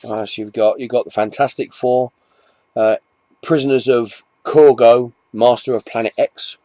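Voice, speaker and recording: A mid-range, mellow voice belongs to an English comic collector vlogger talking casually to camera at a moderate pace with fairly even intonation. The recording is dry, and he rambles, restarts sentences, and adds self-deprecating remarks.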